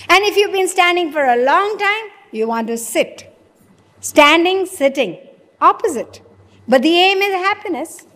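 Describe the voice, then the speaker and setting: A woman with a high voice delivers a philosophy lecture to listeners. She poses rhetorical questions and acts out imagined conversations. Her voice rings with a long reverb, as if in a large hall. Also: fairly bright tone. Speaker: spiritual lecturer.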